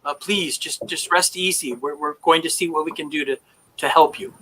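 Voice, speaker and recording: A man's voice: fairly high pitch, steady tone, moderate pace, bright, forceful tone, husky, rough recording. A man voicing a grieving, pleading priest. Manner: pleading, choked up. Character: anxious older male priest, grieving father.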